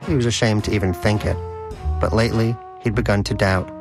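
A man's voice: lowish voice, steady tone, a little fast, gravelly, over music. A man reading an audiobook story aloud with wry, dry humor. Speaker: narrator. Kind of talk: audiobook narration.

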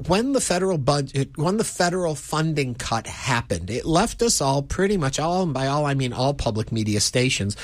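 A male radio host talks at an easy, middle pitch, rambling a little and keeping things upbeat. He sounds close to the mic in a dry studio. His talk moves between easy banter and a pledge-drive appeal. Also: no room sound.

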